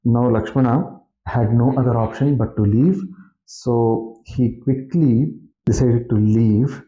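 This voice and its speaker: A man who recites scripture verses and then explains them slowly in plain words. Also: medium pitch, mellow. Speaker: scripture reader and teacher. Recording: roomy, muffled lo-fi audio.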